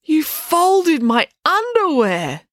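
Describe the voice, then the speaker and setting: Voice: mid-range voice, normal speed, no echo, studio quality, lightly acted. A narrator voicing a sarcastic, hot-tempered teenage girl in an audiobook. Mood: outraged. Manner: scornful, shouting in outrage. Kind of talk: audiobook character voice.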